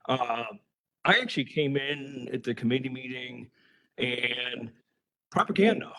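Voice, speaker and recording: A man's voice: medium pitch, fairly bright tone, poor audio. A man speaking heatedly and emphatically during public comment at a county board meeting.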